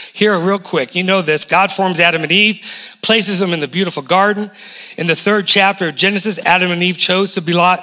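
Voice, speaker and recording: Bright, high-voiced preaching man. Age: 40s. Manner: lively, emphatic preaching with rhetorical questions. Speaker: guest pastor. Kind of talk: sermon.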